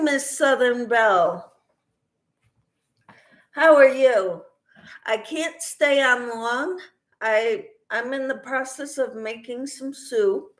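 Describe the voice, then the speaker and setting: A woman hosts a relaxed livestream from her home kitchen, greeting viewers by name as she cooks. She talks slowly in a slightly high voice. The room gives her voice a noticeable echo. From Kansas. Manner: chatty, greets viewers by name while cooking. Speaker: crochet channel host. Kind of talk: casual livestream chat with viewers.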